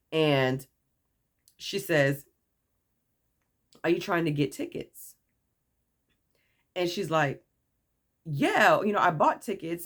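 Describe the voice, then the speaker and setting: Woman, casual story time, low-pitched, very lively intonation, acts out quotes. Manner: animated, acts out quoted voices, laughs often. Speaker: vlogger.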